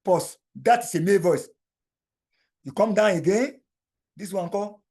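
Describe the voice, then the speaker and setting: A man guides the viewer through a software tool step by step, speaking over a screen recording. He talks straight to the learner and circles back to repeat each instruction. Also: sits high, unhurried. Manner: repetitive, step-by-step explaining, addresses viewer directly. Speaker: tutorial instructor.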